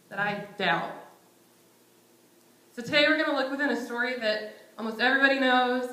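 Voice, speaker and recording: A woman's voice: fairly high pitch, bright, forceful tone. A young woman preaching a conversational sermon in a church, casual and self-deprecating, often chuckling. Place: church sanctuary. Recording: roomy church sanctuary echo.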